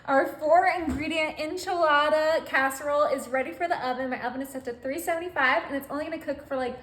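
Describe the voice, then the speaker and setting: A woman hosting a casual home cooking video, bubbly and quick to laugh, talking to her viewers as you guys. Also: high voice, fairly bright tone, roomy sound. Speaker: cooking vlogger. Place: home kitchen.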